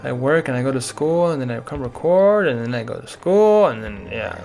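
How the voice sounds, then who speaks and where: A man's voice: medium pitch, expressive, normal speed, creaky, darkish tone, soft background music. A tired young man rambling through casual gameplay commentary, with lots of "like" and side stories. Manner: rambling, chatty, frequent "like". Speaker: let's play gamer.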